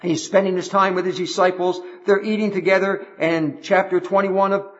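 A man's voice: high voice, flat delivery, a little fast. A man preaching a sermon with fervent delivery, repeating phrases for emphasis and restarting as he goes. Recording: dull lo-fi recording.

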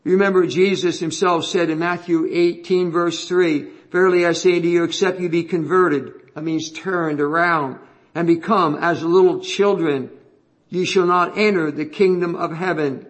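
A male preacher with a high voice delivers an expository sermon. He talks earnestly, repeats his key phrases for emphasis and slows down when he reads scripture aloud. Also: fairly even intonation.

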